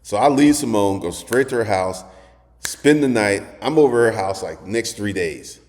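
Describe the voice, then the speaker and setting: An animated man telling a raunchy story in a casual monologue, his pitch swinging widely as he acts out quotes. The sound rings with a long reverb. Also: normal speed. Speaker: host.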